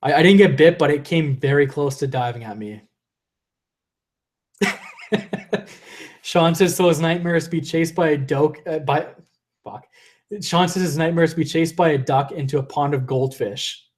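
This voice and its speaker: A man's voice: a little high, measured pace, pauses often. A young man hosting a live stream and reading viewer comments aloud. He rambles, restarts his sentences, laughs often, and is losing his voice. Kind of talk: casual live-stream chat.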